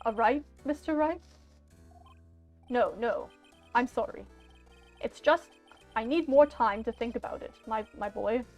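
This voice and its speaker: A woman's voice: on the high side, a little slow, long pauses, darkish tone, faint music behind. A woman doing Grossberg, fussy old man. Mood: troubled. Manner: old-fashioned, fussy, hesitant. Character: fretful elderly male art dealer. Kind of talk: amateur game voice acting.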